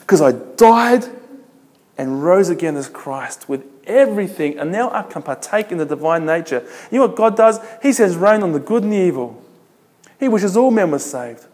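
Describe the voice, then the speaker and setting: A man's voice: fairly high pitch, a little mellow. Emphatic man preaching in a reverberant hall. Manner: emphatic, repetitive preaching with rhetorical questions. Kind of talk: sermon. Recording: long reverb of a large hall.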